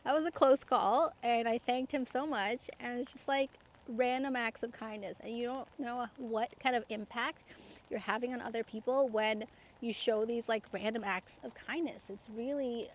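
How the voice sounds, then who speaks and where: A young woman from Canada tells a personal story in a relaxed, rambling monologue, with plenty of "like" and "um" and frequent laughter. Her voice sits a little on the high side. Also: moderate pace, slight background noise. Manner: chatty, laughs often, many fillers. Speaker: podcast host.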